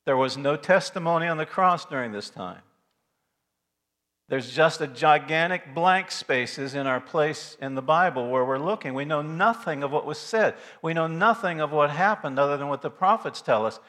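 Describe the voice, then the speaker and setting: A male pastor preaching a sermon, dramatic, dropping to a hush and then rising to loud, forceful passages. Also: fairly high pitch, animated, moderate pace. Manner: dramatic swings between hushed and loud passages.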